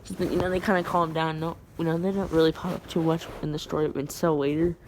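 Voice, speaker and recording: Young-sounding woman, low voice, rambly storytime vlogger, faint hiss behind her. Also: flat delivery, fast. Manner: rambling, filler-heavy slang talk. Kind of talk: casual storytime vlog.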